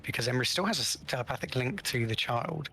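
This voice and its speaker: A man playing a tabletop game, describing his character's moves with many pauses and restarts. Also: mid-range voice, lively intonation, vocal fry, pushed and bright. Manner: hesitant, many ums and restarts. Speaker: player.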